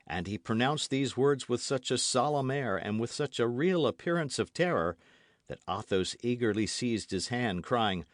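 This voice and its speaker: A man's voice: mid-range voice, animated, normal speed, no echo, studio quality. A man narrating a classic novel as an audiobook, reading expressively. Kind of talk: scripted narration.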